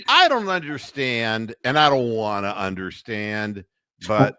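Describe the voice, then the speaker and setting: A man hosting a casual sports radio chat, talking in an animated, mocking way and laughing as he goes. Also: mid-range voice, a little slow. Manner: puts on announcer and referee voices. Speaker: sports talk radio host.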